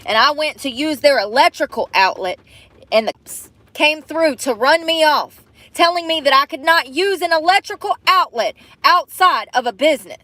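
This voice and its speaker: A woman's voice: high voice, expressive, moderate pace, bright, forceful tone, no echo. A young woman venting and swearing to her phone camera from inside a parked car during rain. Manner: frustrated, swearing, ranting. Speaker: vlogger living in her car. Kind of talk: venting vlog.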